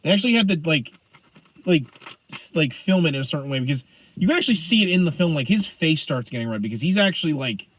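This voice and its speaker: Animated high-voiced man ranting casually. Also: fast, poor audio. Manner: animated, rambling with many fillers and restarts. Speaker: podcast co-host. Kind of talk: casual film review chat.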